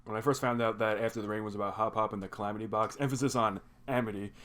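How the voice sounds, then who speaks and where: A man's voice: lowish voice, steady tone, very fast, fairly bright tone. A young man casually recapping a cartoon episode, rambling and filling his talk with "like". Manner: rambling, heavy use of "like" fillers. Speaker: reaction video host.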